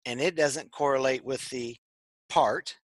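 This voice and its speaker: A man's voice: medium pitch, a little slow, dry recording. A man co-hosting a casual tech chat show, rambling and repeating his words. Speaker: podcast co-host. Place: tech shop.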